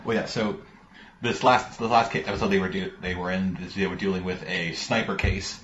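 A lower-pitched man in casual podcast chat, loose and profane, laughing easily between remarks. The sound is roomy and a little dull, with a faint hiss underneath. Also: steady tone, fairly quick, fairly bright tone. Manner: loose, swearing, laughs often. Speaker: podcast co-host. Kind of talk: casual chat about TV shows.

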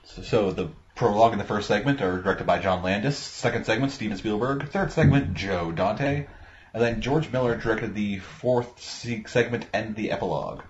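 A man's voice: fairly low pitch, normal speed, lo-fi sound, slight background noise. A man hosting a casual movie commentary podcast over an online call, rambling and swearing freely. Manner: profane, rambling. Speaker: podcast host. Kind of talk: casual commentary-track chat.

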